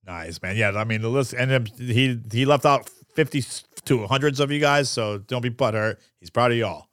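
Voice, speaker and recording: A man's voice: medium pitch, normal speed, fairly bright tone, dry recording, studio quality. A man hosting a podcast interview, laid-back and slangy in casual chat. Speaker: podcast host.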